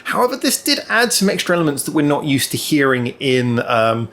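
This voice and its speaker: A man's voice: a little high, sing-song, brisk, fairly bright tone. A man hosts his own music review channel, thinking aloud as he talks through a song. He rambles and restarts often, filling gaps with ums. He is recorded alone indoors, speaking to a camera in front of him. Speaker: music reaction channel host.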